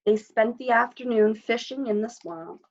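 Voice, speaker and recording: Expressive woman reading to children. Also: fairly high pitch, normal speed, dull audio. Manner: expressive read-aloud with asides to children. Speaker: librarian storyteller. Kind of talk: children's story time read-aloud.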